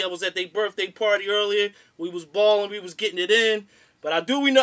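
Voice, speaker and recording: A man's voice: high-pitched, a bit bright. A young man hosting a boxing show, giving a casual, slangy, rambling rant.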